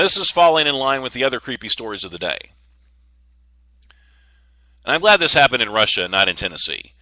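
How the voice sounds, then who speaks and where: A man's voice: medium pitch, bright, forceful tone, no echo. A man hosting a casual solo podcast, rambling and joking with frequent stammers and restarts. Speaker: podcast host.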